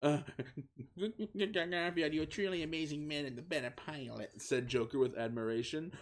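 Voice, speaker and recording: A man's voice: fairly high pitch, normal speed. Man reading fan fiction aloud. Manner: reads in a flat voice, often breaking into laughter. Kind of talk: comedic dramatic reading.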